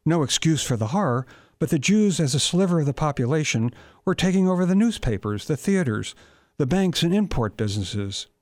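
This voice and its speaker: A man's voice: on the high side, expressive, a little fast, darkish tone, no room sound, studio quality, pitched above the performer's own voice, natural voice. A man voicing a defensive German man who pleads and protests in a raised voice while reading his novel aloud. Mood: pleading.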